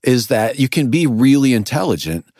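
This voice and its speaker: A man's voice: mid-range voice, big pitch swings, normal speed, a little mellow, no room sound, studio quality. A man who is an author and radio host, a guest in an interview, explaining ideas in a thoughtful, self-deprecating way. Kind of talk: conversational interview.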